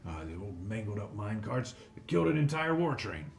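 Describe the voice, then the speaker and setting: A man voicing a fat, greedy male hobgoblin boss who is loud, boastful and blustering, in a tabletop game. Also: on the low side, very animated, brisk, gravelly. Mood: scheming. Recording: echoey room, some noise.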